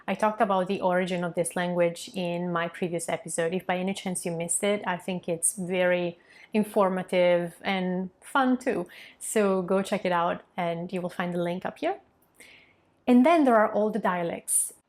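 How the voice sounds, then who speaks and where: Italian-accented young woman explaining pronunciation, clear and patient, native italian speaker. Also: lowish voice, normal speed, a little mellow. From Milan, northern Italy. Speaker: Italian language teacher. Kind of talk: online language lesson.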